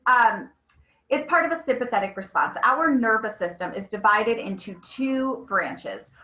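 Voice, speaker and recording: Bright-voiced woman giving a webinar talk. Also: a little high, unhurried, echoey room, rough recording. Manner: conversational, animated storytelling with frequent "right?". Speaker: presenter of a mental health webinar. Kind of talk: live webinar presentation.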